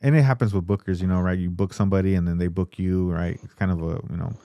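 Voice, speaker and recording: A man hosting a podcast, chatting casually in a relaxed way with lots of fillers. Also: low-pitched, fast, dry recording. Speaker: podcast host. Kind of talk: casual chat.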